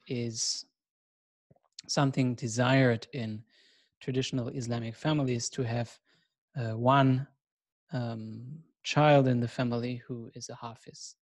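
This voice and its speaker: A man gives a course lesson at an unhurried, deliberate pace. His voice sits at an ordinary pitch and is recorded dry and close, with no room echo. He sounds measured and reflective and invites listeners to join in. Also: darkish tone. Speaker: course teacher. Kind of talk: recorded lecture.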